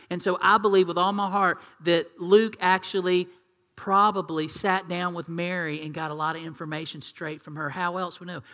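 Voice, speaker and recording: A man's voice: sits high, bright, forceful tone. A male pastor preaching a sermon in a conversational way, asking the congregation questions and acting out quotes. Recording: long reverb of a large hall.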